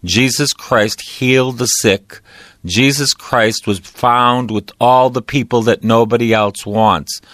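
A middle-aged priest preaching a sermon, emphatic and repetitive, with a preacher's cadence. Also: male voice, mid-range voice, takes it slowly, fairly bright tone, no echo.

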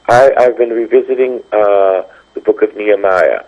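On a dull, lo-fi radio broadcast, a priest gives a Bible teaching in a mid-range male voice at a moderate pace. He tells stories with animation and acts out the people he quotes.

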